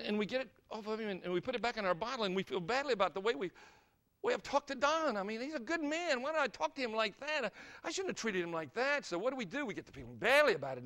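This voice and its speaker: An older man from Ohio preaching a sermon as an evangelist. He is dramatic, asks one rhetorical question after another, and swings from loud emphasis to soft, low asides.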